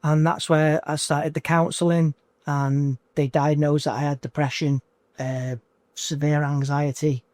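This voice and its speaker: A man in his forties speaks in a slightly high voice, stumbling over and repeating his words as he opens up in an interview. The sound is dry and close, with no room echo. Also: level tone, a little mellow. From United Kingdom. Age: 40s. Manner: halting, repeats himself, restarts phrases. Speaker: coaching client. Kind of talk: emotional personal interview.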